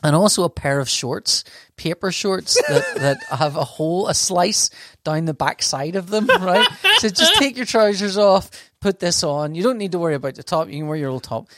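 Guy rambling thru a funny story, bit high voice, laughs a lot. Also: moderate pace, dry recording. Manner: rambling anecdotal storyteller, laughs often, flustered. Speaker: podcast host telling a story. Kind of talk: casual chat.

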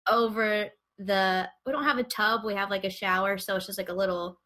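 A woman hosting a podcast, chatting casually and telling stories with lively asides. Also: medium pitch. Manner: animated storytelling, quick asides. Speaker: podcast host. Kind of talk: casual chat.

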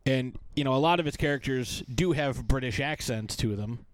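A man's voice: mid-range voice, normal speed, no room sound. Rambling man chatting on a podcast. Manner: rambling, searching for words. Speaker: podcast co-host. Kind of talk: casual chat.

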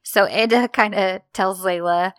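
Woman, casual podcast co-host, mid pitch, dry close sound, animated, laughs a lot. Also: unhurried, dry recording. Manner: animated, laughs often, acts out quotes. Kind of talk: casual recap chat.

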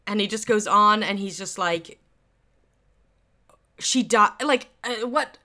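Animated woman in casual chat. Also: mid-range voice, normal speed. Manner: animated, heavy on "like", acts out quotes. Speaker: podcast co-host discussing a novel.

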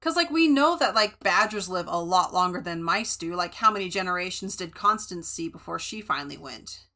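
Bright-voiced chatty woman podcaster. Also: on the low side, lively intonation, brisk. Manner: chatty, many fillers and restarts. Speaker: podcast co-host. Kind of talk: casual book discussion.

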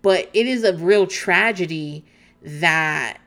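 A woman chatting casually as a commentator, animated, with her pitch jumping high when she reacts. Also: slow pace.

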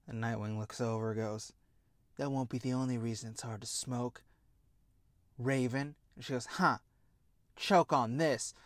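A young man, hosting and ranting sarcastically about a TV show, profane and prone to outraged yelling. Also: medium pitch, steady tone, normal speed, dry recording. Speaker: podcast host reviewing a TV show. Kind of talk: casual rant.

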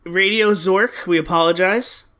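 A man with a bright, forward voice riffs through casual podcast banter. He teases his co-host with profane, deadpan jokes and loose tangents. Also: high-pitched, a little slow. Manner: joking, profane, teasing.

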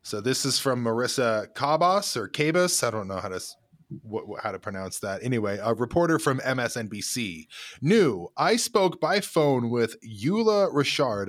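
A man with a mid-range voice and a very lively, animated pitch reads headlines on a podcast. He stumbles over names and jokes around, keeping the delivery bouncy. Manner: lively, jokey, interjecting. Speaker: podcast host reading headlines. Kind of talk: casual political chat.

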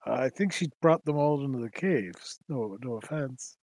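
A man playing a tabletop game, asking questions in character in a quiet way. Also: mid-range voice, expressive, moderate pace, dry recording. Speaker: player.

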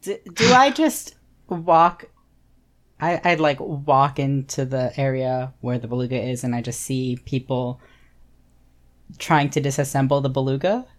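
Deep, unhurried woman, tabletop player thinking out loud. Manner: hesitant, thinking aloud. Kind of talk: casual tabletop game chat.

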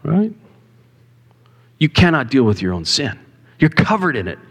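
A man's voice: a little high, big pitch swings, a little slow, a bit bright, breathy edge. A male pastor preaching a sermon in a church, talking conversationally and asking the congregation questions. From Canada. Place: church sanctuary. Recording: long hall reverb.

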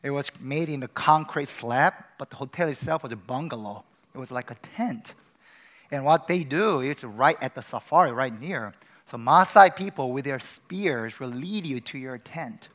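A man preaching a sermon to students, telling a story with sudden loud bursts. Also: mid-range voice. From Korea. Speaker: pastor.

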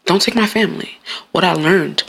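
A young adult woman hosting a casual solo podcast, blunt and animated, with frequent cursing and laughing asides. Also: lowish voice, brisk, vocal fry, slightly rough. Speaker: podcast host.

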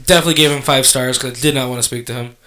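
A man telling a long story in casual chat, animated and profane, acting out the lines he quotes. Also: medium pitch, very fast. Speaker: podcast co-host telling a story.

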